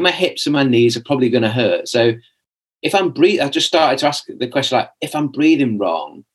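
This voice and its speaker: Man, young adult, husky voice, medium pitch, rambling casual storytelling, many fillers. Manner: chatty, rambling, many restarts and "like" fillers, acts out his own past lines. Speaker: podcast guest.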